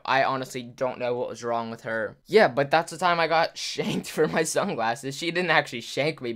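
A man's voice: mid-range voice, a bit bright. A young man casually telling a rambling story to his viewers, full of "like" fillers and acted-out quotes. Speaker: YouTuber.

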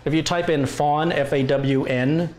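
A man's voice: a little high, steady tone, measured pace, darkish tone, slight background noise. A middle-aged man on a casual home live stream, chatting and talking playfully to his dogs. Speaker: tech channel host. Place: home room.

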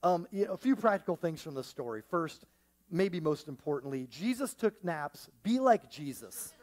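A man with a notably high-pitched voice preaches a lively sermon to a church congregation. He jokes and riffs, dropping to a near-hush one moment and pushing loud the next. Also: moderate pace. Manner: animated, joking, swings between hushed and loud. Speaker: pastor.

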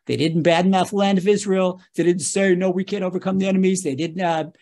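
A man's voice: high voice, steady tone, brisk, a little mellow. A man, a rabbi, giving a spoken Torah lesson, emphatic and talking straight to his listeners, often repeating his key phrases.

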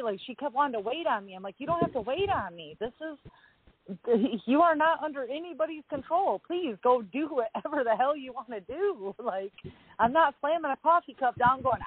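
A woman's voice: high-pitched, animated, fairly quick, breathy edge, dry recording. Blunt, emphatic woman caller, phone-line sound, dry. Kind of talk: casual call-in talk.

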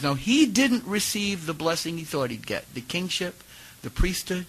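A man in his fifties giving a sermon to a congregation, telling personal stories with animated ups and downs in his voice. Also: high voice, normal speed, poor audio. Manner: animated storytelling, rising and dropping his voice. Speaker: preacher giving a talk.

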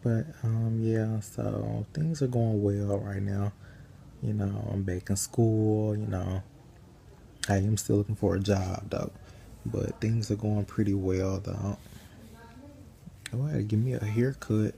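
Sleepy young guy rambling from his bed, low gravelly voice, kinda dark and mellow, faint hiss behind. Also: slow pace. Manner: relaxed, rambling, lying in bed. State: tired. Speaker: vlogger. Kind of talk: casual chat. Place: bedroom, lying in bed.

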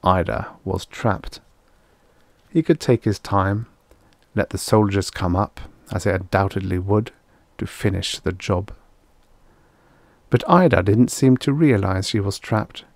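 In a measured, storytelling manner, a man with a lowish voice narrates a vintage science fiction story as an audiobook. His recording is close and dry, without any room sound.

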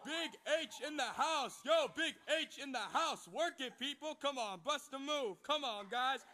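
A young performer doing a loud party-horse MC. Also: male voice, extremely high pitch, a little slow, background noise. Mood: hyped. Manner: loud, hyping the crowd, laughing. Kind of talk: school stage musical acting.

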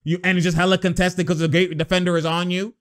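Excitable high-voiced man yelling at a game. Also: fast. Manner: excitable, slangy, laughs often, yells at plays. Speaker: sports reaction vlogger. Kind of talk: casual live game reaction and rant.

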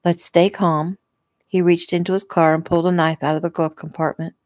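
A woman's voice: sits low, level tone, fast talker, darkish tone, no room sound. A woman author reading her own novel aloud casually and unpolished, as if at home. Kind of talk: casual audiobook narration.

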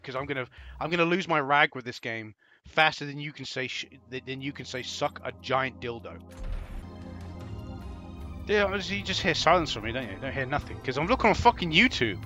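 A man talks over his gameplay in a bright, forceful voice pitched a little high. He rants and swears freely, grumbling as he plays, with a faint bed of music running underneath. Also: very animated, fast talker. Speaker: gaming channel host. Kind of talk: gameplay commentary.

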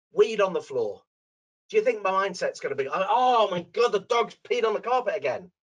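A middle-aged man presenting a webinar from home, telling stories and acting out the people in them. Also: low-quality recording. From Liverpool, England. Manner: acts out characters in his anecdotes with big pitch swings. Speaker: dental coach and webinar presenter. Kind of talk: animated webinar talk with storytelling. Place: room at home.

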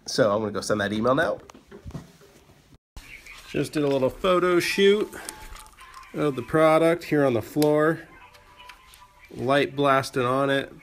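A man's voice: mid-range voice, expressive, measured pace, long pauses, slight background noise. A man chatting casually in a vlog, rambling and laughing often as he mocks himself. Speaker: vlogger, small business owner. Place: out walking in town, then indoors.

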